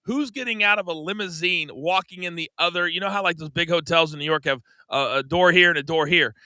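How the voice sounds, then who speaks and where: A middle-aged American man with a very bright, forceful voice, spinning a story for his co-host. He acts out the lines of the people in it and swings between hushed asides and loud bursts. The studio sound is close and dry. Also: a little high, brisk, smooth, no room sound. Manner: animated storyteller, acts out quoted dialogue. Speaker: podcast co-host. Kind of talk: casual storytelling chat.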